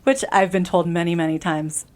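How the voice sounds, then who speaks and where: A woman's voice: on the low side, fairly even intonation, a little fast, darkish tone. A woman in her thirties, a podcast guest, telling a personal story in an earnest, emphatic way, often restarting mid-sentence.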